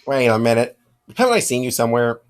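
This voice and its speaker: A man's voice: medium pitch, sing-song, fast, lightly acted. A man voicing a chatty, chummy male droid soldier who talks in unit numbers.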